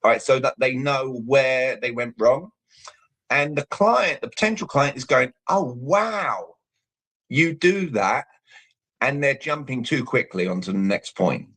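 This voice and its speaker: A man's voice: medium pitch, lively intonation, normal speed, a bit bright. A British man giving an emphatic coaching talk on a live show over a video call, punctuating points with "all right". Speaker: communication coach, guest.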